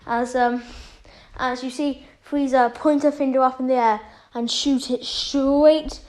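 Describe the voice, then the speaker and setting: A woman's voice: high voice, steady tone, measured pace, darkish tone, poor audio. A woman casually retelling a fan story, rambling with many fillers.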